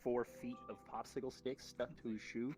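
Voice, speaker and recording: A man's voice: mid-range voice, flat delivery, normal speed, music in the background. A man casually telling a story, laughing and acting out the voices of the people in it. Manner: laughs through his stories, acts out the voices.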